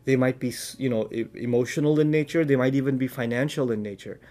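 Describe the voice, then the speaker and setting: A man with a voice of ordinary pitch delivers a religious advice talk. He speaks earnestly, telling personal stories and translating verses line by line. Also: fast, warm tone. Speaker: Islamic speaker.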